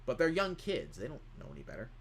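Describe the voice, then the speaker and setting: A man's voice: mid-range voice, wildly swooping pitch, fast, slightly rough. A man streaming live, chatting casually in a rambling way as he reads chat questions aloud and answers them.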